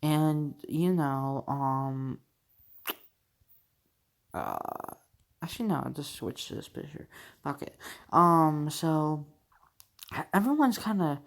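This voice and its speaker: A man's voice: on the high side, slow, long pauses. A young man casually telling a fan-fiction story, rambling with lots of fillers and swearing. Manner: rambling, full of fillers and swearing, laughs at his own story. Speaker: channel host.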